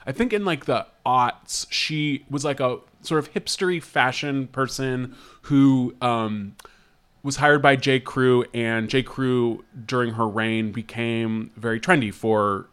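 A man's voice: medium pitch, slow pace, a bit bright, clean tone. A man co-hosting a podcast, chatting casually in a hesitant, wry, rambling way. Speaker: podcast co-host. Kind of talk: casual chat.

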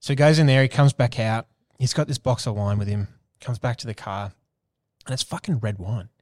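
A man's voice: medium pitch, a little fast, darkish tone. A man co-hosting a podcast, telling wry anecdotes in a laid-back way. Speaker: podcast co-host. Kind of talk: casual storytelling.

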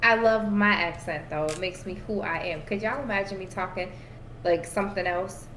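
A woman's voice: mid-range voice, normal speed, a bit bright, reverberant, a little hiss or hum. A woman hosting a casual podcast game, teasing her friends, swearing freely and laughing often. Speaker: podcast host. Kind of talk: casual chat, party game.

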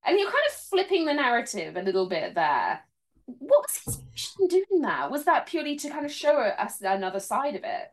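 Woman podcast host, high voice, lively intonation, enthusiastic, chatty. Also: moderate pace. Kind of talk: casual interview chat.

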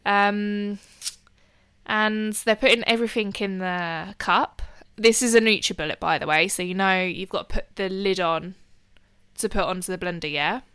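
A young woman talks in a relaxed chat. She gets animated and swears freely when she retells what happened. Her voice is bright and smooth, recorded close and dry. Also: mid-range voice, normal speed, dry recording. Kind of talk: casual storytelling chat.

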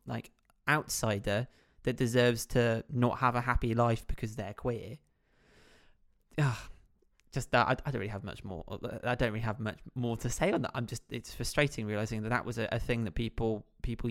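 A man co-hosting a podcast, animated and teasing, who laughs readily. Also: mid-range voice. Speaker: podcast co-host. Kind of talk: casual chat.

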